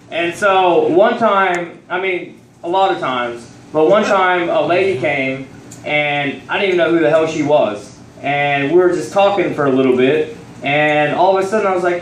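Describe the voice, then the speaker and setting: A man's voice: high voice, a little hiss or hum. A young man doing a loose, profane stand-up set on a comedy club stage, rambling through his stories. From Texas. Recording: roomy sound from a distant mic.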